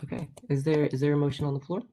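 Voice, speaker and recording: Creaky-voiced casual meeting chair. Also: mid-range voice, flat delivery, very fast, mellow, a little hiss or hum. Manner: casual, chatty presiding. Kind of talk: running a student senate meeting.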